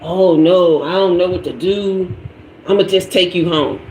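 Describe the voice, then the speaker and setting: A woman's voice: on the low side, fairly even intonation, a little slow, darkish tone, slight background noise, voice pushed down, close to an everyday voice. A woman acting out a flustered, clueless man who panics and repeats himself. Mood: panicky. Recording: echoey room.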